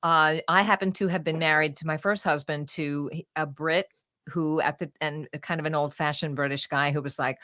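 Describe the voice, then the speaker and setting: An older woman with a low, deep-set voice appears as a guest author and audiobook narrator on a conversational podcast interview. She speaks at normal speed, telling stories in an expressive, animated way and acting out what people said. The recording is close and dry, with no room sound.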